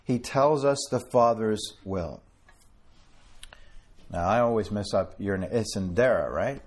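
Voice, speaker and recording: A man gives an informal sermon to a small group, speaking conversationally and turning to listeners by name. His voice sits low and has a husky grain, and he reads scripture aloud in old-fashioned wording. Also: measured pace. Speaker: preacher.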